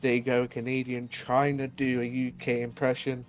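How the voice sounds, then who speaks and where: A man's voice: medium pitch, completely flat delivery, normal speed, faint music behind. A young man co-commentating a virtual drift event, teasing his partner and laughing often. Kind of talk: live sim-racing commentary.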